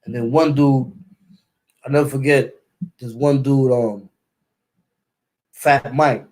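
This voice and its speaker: A man's voice: medium pitch, steady tone, slow pace, darkish tone. Man with a New York accent telling a story. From East New York, Brooklyn. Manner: loose street slang, repeats words and sound effects. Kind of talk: casual storytelling.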